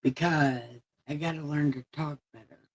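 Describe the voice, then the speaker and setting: A woman's voice: low-pitched, normal speed, husky, low-quality recording. A woman hosting a livestream in casual chat, playful and rambling, repeating herself and laughing often. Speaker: livestream host.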